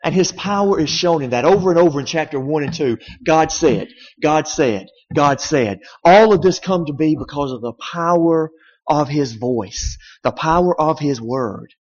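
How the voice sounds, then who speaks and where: A man's voice: a little high, moderate pace. A man preaching a sermon in an emphatic, conversational way, often asking the congregation rhetorical questions. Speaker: pastor. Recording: dull sound in a reverberant hall.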